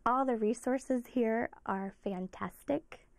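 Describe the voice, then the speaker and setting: A woman's voice: fairly high pitch, takes it slowly, very noisy. A woman music teacher explaining her lessons in an earnest interview.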